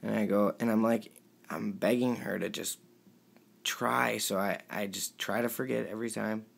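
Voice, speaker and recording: A young man reading out a string of text messages, pleading and emotional, his voice sometimes dropping low and quiet. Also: fairly even intonation, moderate pace, creaky. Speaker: vlogger.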